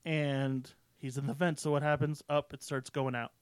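Profane animated man recapping a movie. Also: a little high, normal speed, smooth, no echo. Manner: profane, animated, acts out characters in quotes. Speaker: podcast co-host. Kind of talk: casual movie recap chat.

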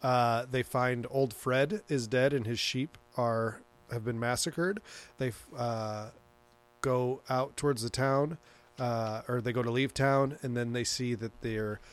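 A man's voice: mid-range voice, fairly even intonation, unhurried, smooth. A man hosting a casual chat, rambling through a movie recap with plenty of swearing and laughter. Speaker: podcast host recapping a movie.

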